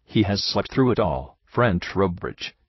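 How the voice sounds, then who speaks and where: A man voicing an excitable middle-aged French detective who talks in quick, eager exclamations, with a husky voice. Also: deep voice, no room sound, dull audio, heavily acted. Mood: incredulous.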